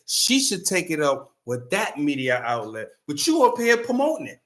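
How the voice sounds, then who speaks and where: A man commenting casually on news clips, loud and slangy, repeating himself as he talks. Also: fairly high pitch, very animated, moderate pace, reverberant.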